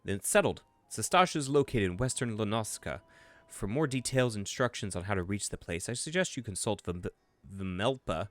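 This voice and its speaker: A man voicing a proper English gentleman naval commander with a measured, formal delivery, reading game dialogue. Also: on the low side, animated, no echo, natural voice.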